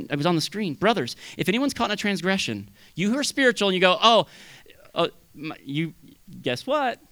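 A man preaching a sermon as pastor, swinging between loud bursts and hushed asides. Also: a little high, dry recording.

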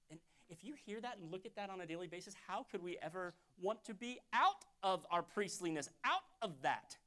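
A pastor delivering a sermon in church, talking conversationally and fervently, dropping to a hush and then rising loud again. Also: male voice, sits high, very animated, brisk, few pauses. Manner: fervent, conversational preaching that swings from hushed to loud.

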